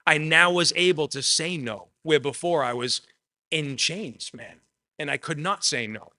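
A man's voice: on the high side, unhurried, sharp tone, no room sound. A man preaching a sermon, earnest and personal, repeating phrases for emphasis. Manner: shares personal testimony.

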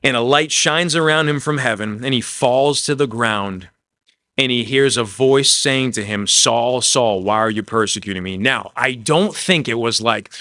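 A man preaching a sermon in a conversational way, dropping soft and low when he voices quoted words. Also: normal speed, no echo, clean studio sound. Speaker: pastor.

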